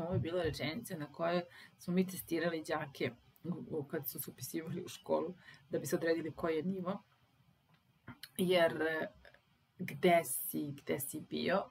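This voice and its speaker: A woman with a Serbian accent teaching English grammar, patiently stressing example sentences slowly. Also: on the low side, a little hiss or hum, low-quality recording.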